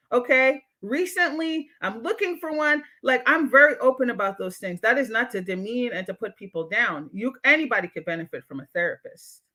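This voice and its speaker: A blunt, profane woman hosts a casual livestream and lectures her viewers directly. Her voice is bright and forceful, with an edge that cuts through. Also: fairly high pitch. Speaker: livestream show host and therapist. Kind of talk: casual livestream commentary, reading chat comments.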